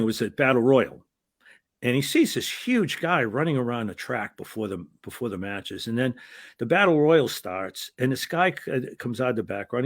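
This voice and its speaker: Here a former wrestling referee, now an older man, is a guest in a relaxed interview, spinning meandering stories with frequent restarts and growing animated at each punchline. He speaks at a medium pitch, recorded cleanly in a studio with no echo.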